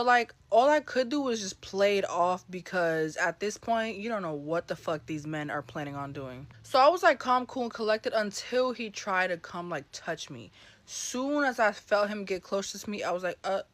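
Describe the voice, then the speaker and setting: A woman in her twenties telling a story in a blunt, profane, animated rant. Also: mid-range voice, no echo. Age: 20s.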